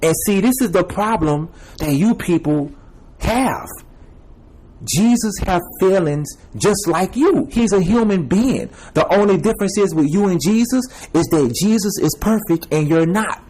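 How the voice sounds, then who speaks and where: A man's voice: high-pitched, animated, unhurried, a little mellow, slightly rough, low-quality recording. A young man giving a repetitive, emphatic personal testimony, addressing viewers as y'all and man. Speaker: self-made video preacher.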